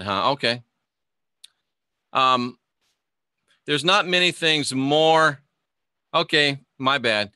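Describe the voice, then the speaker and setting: Chatty man with a very bright voice. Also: mid-range voice, clean tone, no room sound, studio quality. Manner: chatty, reads viewer comments aloud, stumbles and restarts. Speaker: livestream host teaching astrology. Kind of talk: casual livestream lesson reading chat.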